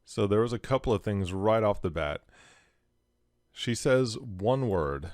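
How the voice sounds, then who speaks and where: Deep-voiced man explaining body language. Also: a little slow, dry recording, clean studio sound. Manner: calm, instructive, step-by-step. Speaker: host analysing body language. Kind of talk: explanatory commentary.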